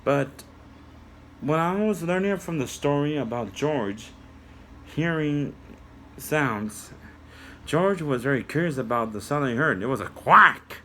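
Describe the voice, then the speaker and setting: A man reading and retelling a story to children, talking to them directly in an animated way. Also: fairly high pitch, a little hiss or hum. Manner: slow, animated, addresses kids directly.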